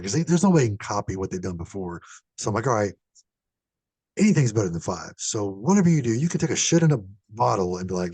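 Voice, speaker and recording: A man in a casual horror podcast chat, telling lively stories and swearing freely. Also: lowish voice, fast talker, no room sound. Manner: animated storyteller, swears casually.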